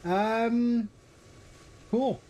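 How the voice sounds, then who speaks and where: A man giving casual live-stream commentary as he sets up a flight simulator, chatting to viewers in a relaxed, rambling way. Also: extremely high pitch, very slow.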